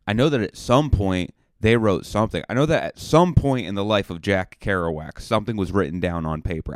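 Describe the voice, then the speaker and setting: A man's voice: deep voice, clear, resonant tone, no echo, studio quality. A young man from Massachusetts, a road comic hosting his own podcast, rambling through a jokey, self-mocking monologue. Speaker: comedian and podcast host. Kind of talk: solo comedic podcast monologue.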